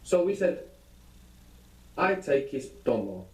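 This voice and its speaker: A man's voice: a little high, big pitch swings, slow, roomy sound, poor audio. A man teaching a language lesson, patiently prompting his students with questions.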